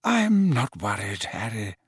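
A man reading a weary, gentle old male wizard headmaster whose voice is faint and slurring, in an audiobook. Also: fairly low pitch, wildly swooping pitch, slightly rough, dry recording, clean studio sound, heavily acted. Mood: calm. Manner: soft and measured.

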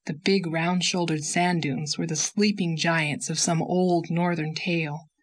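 A woman narrating an audiobook in a measured, expressive reading. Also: sits low.

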